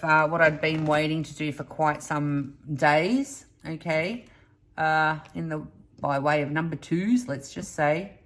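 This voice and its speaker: A woman with a low-pitched, slightly bright voice hosts a crafting channel, telling stories casually to camera. She's chatty and rambling, with plenty of asides.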